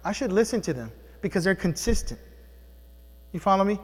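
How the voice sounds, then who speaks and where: A man's voice: high-pitched, very animated, brisk, breathy edge, in a large hall. A middle-aged man preaching a sermon as a pastor, talking conversationally and asking the congregation questions. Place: church sanctuary.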